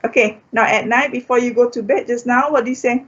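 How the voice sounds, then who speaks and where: Fast-talking and husky, this Malaysian woman has a fairly high voice with fairly even intonation. She leads a live-streamed French class in dull lo-fi sound, drilling each word through repetition, checking in with "okay?", and now and then switching to Malay.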